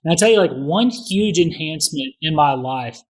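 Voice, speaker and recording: A man's voice: on the high side, expressive, moderate pace. A middle-aged man, a guest on a podcast, talking bluntly and swearing freely in casual conversation. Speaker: podcast guest, real estate investor.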